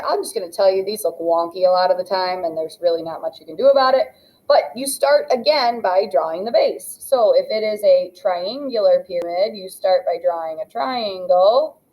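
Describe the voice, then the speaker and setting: A woman's voice: mid-range voice, darkish tone, poor audio. Patient woman teaching geometry. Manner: patient, explains step by step while drawing. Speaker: math teacher. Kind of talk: classroom lesson narration.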